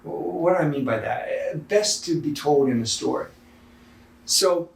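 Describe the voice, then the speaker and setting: A man's voice: fairly high pitch, expressive, unhurried, vocal fry, distant mic. Male priest preaching in a roomy church. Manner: conversational storytelling with fillers. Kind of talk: sermon.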